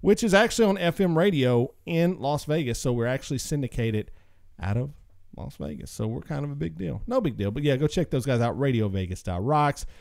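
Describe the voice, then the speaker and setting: A man's voice: mid-range voice, expressive, a little fast, vocal fry, a little mellow, no room sound, studio quality. A man hosting a podcast, running through show plugs in a joking, upbeat sales patter and getting a little out of breath. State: slightly out of breath. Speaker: podcast host. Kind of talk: casual show plugs and announcements.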